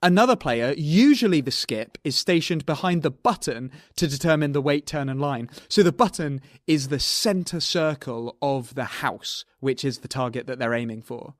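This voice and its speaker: High-voiced man in jokey chat. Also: normal speed, hardly any pauses, dry recording, clean studio sound. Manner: jokey, slips into silly put-on voices. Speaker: podcast co-host. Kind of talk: casual comedic chat.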